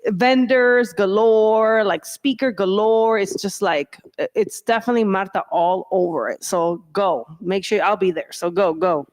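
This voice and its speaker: A woman's voice: mid-range voice, measured pace, hardly any pauses. Enthusiastic woman talk-show host. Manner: enthusiastic, uses lots of fillers like "like". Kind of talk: casual chat.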